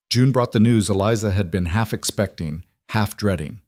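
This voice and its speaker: A man reading a frontier love story aloud as a narrator, in a steady storytelling manner. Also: fairly low pitch, normal speed, few pauses, no echo, clean studio sound.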